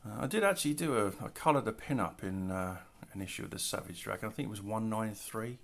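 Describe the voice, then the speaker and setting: A middle-aged man casually showing his artwork on camera, talking in a relaxed, rambling way with self-deprecating asides. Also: fairly low pitch, quick pace, gravelly. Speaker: artist showing his work. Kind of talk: casual show-and-tell narration. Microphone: camera mic, handling artwork.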